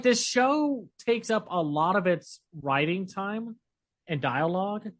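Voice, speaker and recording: A chatty man co-hosting a podcast, his voice sitting a little high for a man. He talks in an animated, rambling way, full of fillers and quick asides. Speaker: podcast co-host. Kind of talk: casual chat.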